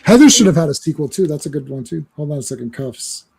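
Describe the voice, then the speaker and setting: Man, high voice, husky, mellow tone, lively movie talk. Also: quick pace. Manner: animated storyteller, acts out movie scenes. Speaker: podcast host. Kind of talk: casual movie chat.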